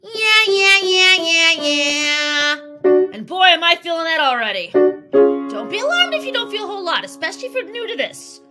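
Upbeat woman singing teacher, high lively voice. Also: fast talker. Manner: upbeat, encouraging, playful. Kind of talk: vocal lesson with sung exercises. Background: piano accompaniment.

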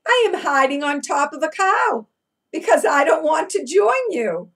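Storybook turkey, playful and stubborn, teasing singsong, a bit high, put on by a woman reading aloud. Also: sing-song, normal speed, far from the mic.

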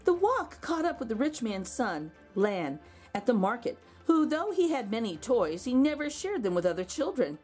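Woman storyteller, animated, husky, soft music under. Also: fairly high pitch, moderate pace. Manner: expressive storytelling with gentle asides. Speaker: teacher reading aloud. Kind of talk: children's picture book read-aloud.

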